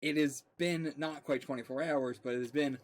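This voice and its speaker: A man's voice: a little high, fairly even intonation, normal speed. A man hosting a casual reaction chat, rambling and thinking aloud as he talks. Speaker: reaction show host.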